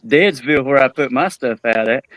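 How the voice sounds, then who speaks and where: A man's voice: mid-range voice, lively intonation, brisk, fairly bright tone, no room sound. Joking man co-host with dry sound. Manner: joking, laughs a lot. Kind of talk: casual chat.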